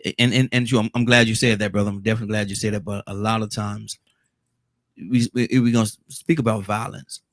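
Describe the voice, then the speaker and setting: A man with a lowish voice hosts a call-in show, chatting casually with callers and restarting his sentences. He keeps up a steady stream of affirming murmurs. The studio sound is close and dry, with no room around the voice. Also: fast, dry recording. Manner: frequent affirming "mm-hmm", repeats and restarts. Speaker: radio call-in show host.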